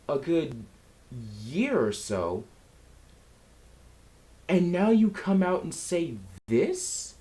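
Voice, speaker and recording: Slow-talking man ranting with lively pitch. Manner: sarcastic, exasperated ranting. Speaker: film commentary vlogger. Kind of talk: casual ranting commentary.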